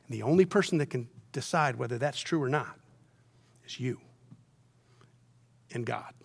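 A middle-aged man preaching a sermon, moving from soft, near-whispered lines to loud, emphatic peaks. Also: medium pitch, moderate pace, vocal fry, breathy edge. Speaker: pastor.

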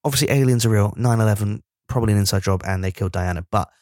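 A man co-hosting a podcast in casual comedic chat, animated and sweary. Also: lowish voice, rapid-fire, no echo, clean studio sound. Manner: animated and sweary, breaking into impressions. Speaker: podcast co-host.

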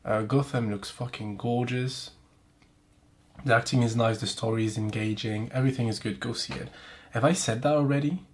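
A French-accented man hosts a podcast in loose, casual chat, his voice stuffy and nasal from pollen. He rambles, swears a lot and pokes fun at himself, sitting at an everyday middle pitch. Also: fairly even intonation, moderate pace, slight background noise. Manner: profane, rambling, self-mocking. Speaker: podcast host. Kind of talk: casual chat and reading aloud.

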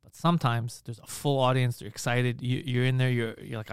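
A man's voice: mid-range voice, fairly even intonation, brisk, smooth, no echo, clean studio sound. A man talking as a podcast host in a casual chat, telling stories animatedly and acting out other people's lines, swearing freely.

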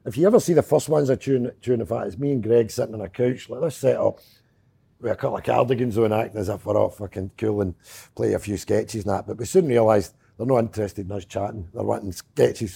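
Gravelly Scottish man, gruff storyteller. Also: fairly low pitch, a little fast, dark tone. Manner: gruff, swears a lot, mock-snappy. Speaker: guest comedian. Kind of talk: casual chat, telling stories.

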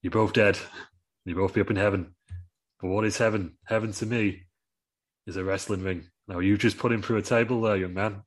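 Man doing a calm older wrestler with a plan. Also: lowish voice, a little fast, natural voice. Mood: scheming.

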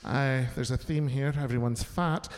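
A man, a chat guest, telling camp, bawdy stories with a quick wit. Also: mid-range voice, darkish tone, in a large hall, a little hiss or hum. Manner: camp, bawdy, rapid storytelling. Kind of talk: casual chat.

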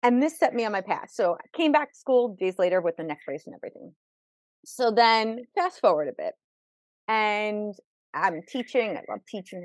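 A woman's voice: medium pitch, dry recording. Woman telling a vivid personal story. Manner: vivid, acts out quoted people; repeats words when emotional. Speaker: podcast guest.

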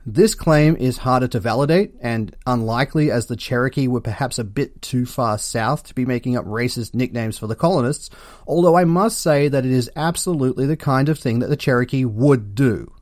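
A man with an Australian accent hosting a comedic history podcast, delivering sarcastic, deadpan jokes. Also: mid-range voice, brisk, dry recording, studio quality. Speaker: podcast host.

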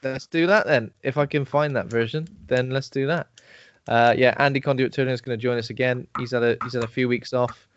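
A man's voice: mid-range voice, steady tone, fairly quick, a little hiss or hum. A man co-hosting a podcast in casual chat, joking and laughing often. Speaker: podcast co-host. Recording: dull, dry lo-fi podcast recording.

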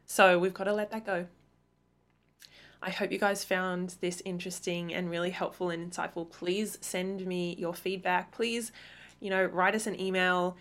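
Earnest woman coaching parents, slightly low. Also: little pitch movement. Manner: earnest, emphatic, acts out quick imagined retorts. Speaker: parenting coach and podcast host. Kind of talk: solo podcast talk.

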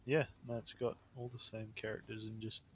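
A man's voice: on the low side, flat delivery, a little fast, slight background noise. A young man co-hosting a casual podcast chat, joking and often trailing off mid-sentence. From New Zealand. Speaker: podcast co-host.

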